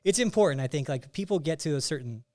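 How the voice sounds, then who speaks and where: A man, a coach and podcast host, telling a rambling, animated story with lots of "like" fillers. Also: on the high side, quick pace. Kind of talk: casual storytelling chat.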